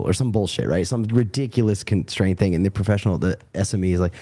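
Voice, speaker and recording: A man's voice: deep voice, fast, mellow. A man hosting a podcast in a rambling, profane and self-deprecating way. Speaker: podcast host. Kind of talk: casual podcast chat.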